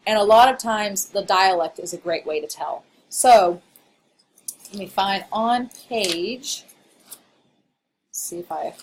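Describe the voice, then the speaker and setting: A woman's voice: medium pitch, slight background noise. A woman with a Southern Illinois accent giving a recorded college English lecture, chatty and playful, with frequent laughs and asides.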